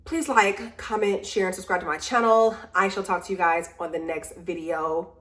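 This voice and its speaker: A tired woman vlogging from home, casually and animatedly venting about a ruined trip to her camera. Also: fairly low pitch. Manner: animated storytelling, venting, drawn-out complaints.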